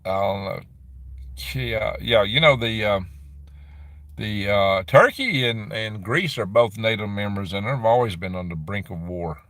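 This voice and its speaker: The host here is a middle-aged man whose voice sits on the low side but has a fairly bright tone, recorded with no echo. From a dim room on his property he reads viewer chat on his casual livestream, rambling and answering with quick laughs.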